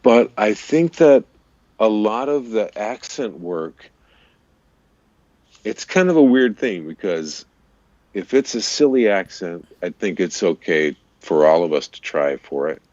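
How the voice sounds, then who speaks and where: A man, a voice-over artist and radio DJ, chatting in an interview and explaining voice technique in an easy way, with a deep, resonant voice. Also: lively intonation, measured pace, darkish tone, no echo, muffled recording. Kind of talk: casual interview chat.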